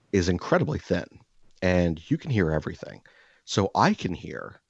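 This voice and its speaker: This man has a low, deep voice, recorded close and dry on a slightly dull mic. He tells a story in a loose, rambling way, packed with "like" fillers and crude jokes. When he acts out quoted lines, his pitch jumps up. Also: a little mellow, husky, dry recording. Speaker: podcast host. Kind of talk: casual storytelling chat.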